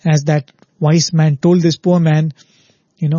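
A man's voice: a little high, flat delivery, unhurried, dark tone, dry recording, highs cut off. A man giving an earnest spiritual discourse on a show, telling parables and often asking "right?". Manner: earnest, repetitive "right?" checks, storytelling.

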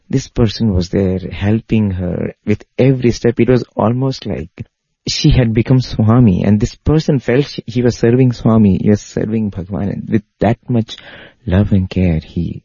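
A man giving a spiritual talk, telling a story in an unhurried way with fillers and repeats. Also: fairly low pitch, warm tone, slightly rough, dry recording. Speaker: spiritual speaker. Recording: dull lo-fi dry audio.

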